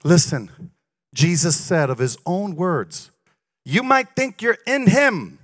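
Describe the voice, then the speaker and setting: A pastor delivers a lively sermon with his voice swinging wide, shouting at the peaks and dropping into mocking asides. His voice sits very high and sounds bright and sharp. The sound is dry and close. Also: slow pace, no room sound.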